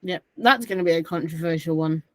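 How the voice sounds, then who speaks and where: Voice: medium pitch, fairly quick, fairly bright tone, no echo. Teasing podcast co-host, dry sound. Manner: teasing, short interjections, laughs easily. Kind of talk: casual sports chat.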